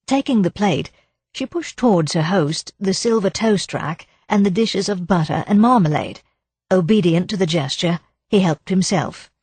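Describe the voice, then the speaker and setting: A woman reads a mystery audiobook in a measured, expressive style. Her voice is low-pitched and husky, and the recording sounds close and dry with no room echo. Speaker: audiobook narrator. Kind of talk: scripted narration.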